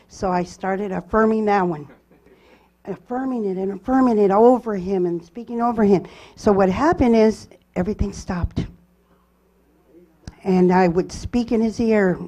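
A woman giving a personal testimony at church, telling her story earnestly with halting restarts. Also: medium pitch, dark tone.

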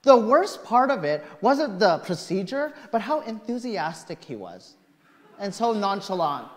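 A male pastor preaching a sermon through a personal story, swinging from quiet asides to outright shouting. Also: sits high, very animated, unhurried. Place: church sanctuary. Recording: long reverb of a church hall.

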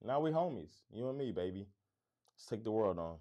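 A middle-aged man from Florida hosts a casual livestream, reading viewer comments and chatting in an upbeat, laid-back way; he's also a comedy club owner. His low-ish, sing-song voice moves briskly with a neutral American accent and a faint Florida lilt, and he says "man" a lot and laughs easily. The sound is lo-fi.

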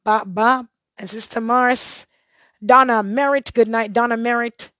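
Hoarse woman blessing her viewers. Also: fairly high pitch, steady tone, a little slow, no echo. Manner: warm churchy blessings and shout-outs. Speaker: livestream host. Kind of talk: casual live-stream sign-off, greeting viewers by name.

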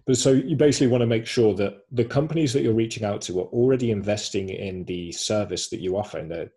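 Male webinar presenter, low-pitched, husky, explanatory, video-call sound. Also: darkish tone. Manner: explanatory, walks through screenshots.

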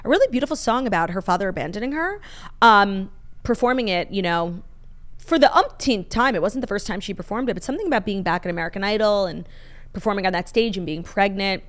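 A woman's voice: mid-range voice, lively intonation, fast talker. A young woman co-hosting a casual podcast, gushing and swearing freely, with lots of fillers. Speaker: podcast co-host. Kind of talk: casual chat.

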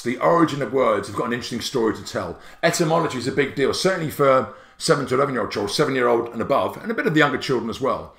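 A man presenting a spelling tutorial for teachers in an excitable, theatrical and jokey way. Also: mid-range voice, roomy sound. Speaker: app creator and teacher presenter.

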